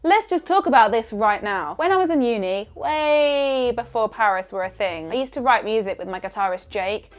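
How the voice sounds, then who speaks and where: Sarcastic young English woman with a higher voice. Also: animated, normal speed, few pauses. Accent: Southern English. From Surrey, England. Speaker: singer and YouTuber. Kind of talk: casual vlog reading comments.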